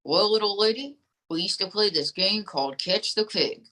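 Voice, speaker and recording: A woman's voice: medium pitch, animated, moderate pace, sharp tone. A woman voicing an old male lounge-singer ventriloquist dummy, drawling folksy punchlines. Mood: deadpan corny.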